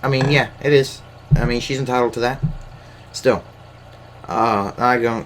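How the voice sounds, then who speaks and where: A man's voice: medium pitch, steady tone, a little slow, long pauses, a little hiss or hum. A man talking casually into his camera mic, rambling and hesitant with lots of filler words and swearing. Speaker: solo podcast host.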